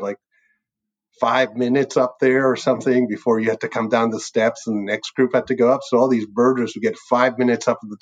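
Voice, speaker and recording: A man's voice: medium pitch, slightly rough. A man, a birding tour leader, chatting casually and rambling through an old trip story, laughing often between phrases. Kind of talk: casual reminiscing chat. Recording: dull lo-fi sound.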